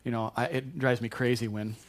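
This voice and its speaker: A man's voice: mid-range voice, fairly even intonation, a little fast, a little hiss or hum. A man preaching a sermon in a conversational, joking way, often repeating and restarting his words. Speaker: pastor.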